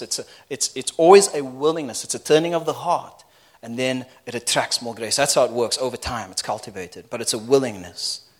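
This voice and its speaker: A male preacher gives a sermon in a loose, conversational style. He swings between excited outbursts and quiet reflection, and he often laughs as he talks. His voice sits a little high.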